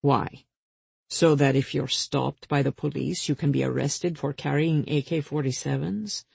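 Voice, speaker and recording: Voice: medium pitch, gravelly, dark tone, breathy edge, no room sound. A reader voicing a cold, sarcastic male crime boss. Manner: slow, cutting and sarcastic. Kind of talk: audiobook character reading.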